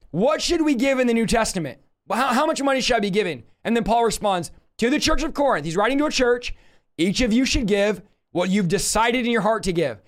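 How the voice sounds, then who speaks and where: A man with a very high voice leads a Bible study teaching. He talks in an animated, emphatic way, repeating key phrases for stress. He jokes with his viewers as he goes.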